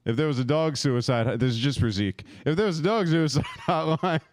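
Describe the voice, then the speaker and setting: A man's voice: a little high, expressive, brisk, no echo. A man in his thirties doing a profane, rambling stand-up set, laughing at his own jokes and working the crowd. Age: 30s. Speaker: stand-up comic.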